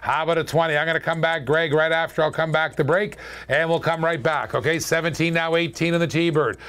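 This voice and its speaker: A man hosting a live-streamed toy car auction, calling bids in quick, chatty patter and joking with viewers. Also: fairly high pitch, steady tone, a bit bright, smooth. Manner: chatty, joking, fast auction calls with laughs.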